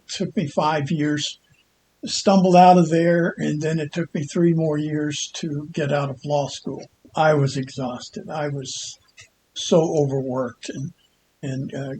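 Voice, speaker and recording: An older man, a lawyer, telling a personal story in a halting monologue with frequent restarts and pauses. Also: a little high, a little mellow, slight background noise. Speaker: Christian commentator and lawyer.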